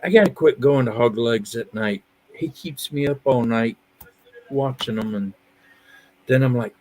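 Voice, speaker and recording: A man in his fifties hosting a live stream. He chats casually and easygoing, and he laughs his way through animated stories. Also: mid-range voice, unhurried, long pauses, slight background noise. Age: 50s. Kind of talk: casual chat.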